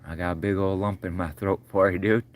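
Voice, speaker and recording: A middle-aged man with a low-pitched voice chats with his livestream viewers in a loose, folksy ramble, calling them brother and sir. His voice keeps catching as though he's choked up. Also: steady tone, a little fast. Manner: choked up, voice breaking. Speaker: livestream host. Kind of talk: casual livestream chat.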